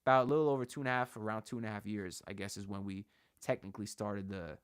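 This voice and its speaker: A man with a lowish voice and fairly even intonation talks fast while hosting a sports channel livestream, addressing his chat in a loose, slangy, hyped way. The tone is clean and echo-free, captured at studio quality on a camera-mounted shotgun mic.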